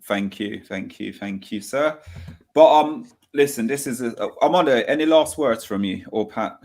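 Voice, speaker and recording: A man hosting a casual live-stream football chat. His voice sits at an ordinary middle pitch, and he keeps repeating his thanks and praise in an eager, effusive way. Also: normal speed, a little mellow. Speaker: host of a live football fan show.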